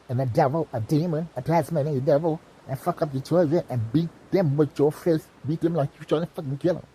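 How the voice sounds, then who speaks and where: A man's voice: a little high, dark tone, husky, rough recording. A man delivering an impassioned, profane monologue, lecturing like a teacher and repeating "you know what I mean". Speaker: self-styled teacher vlogger.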